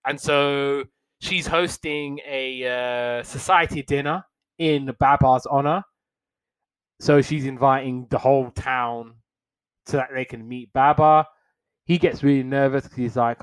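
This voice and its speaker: A young man hosting a podcast, casually recapping an old cartoon episode with wry slangy asides and quick put-on voices for the characters. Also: medium pitch, smooth, low-quality recording. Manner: animated retelling, acts out characters' lines in quick put-on voices.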